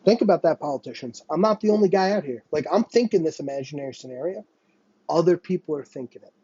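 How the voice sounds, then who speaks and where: A man's voice: on the high side, animated, fast, mellow, breathy edge, no echo, lo-fi sound. Profane young man ranting. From United States. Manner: profane, sarcastic, heated ranting. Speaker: podcast host. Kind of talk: ranting solo podcast monologue.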